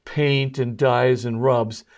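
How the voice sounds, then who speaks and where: A man of middle pitch, a priest and scholar being interviewed. He explains in careful technical detail and often pauses on ums and uhs as he searches for the right word. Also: flat delivery. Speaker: guest, Jesuit priest and scholar.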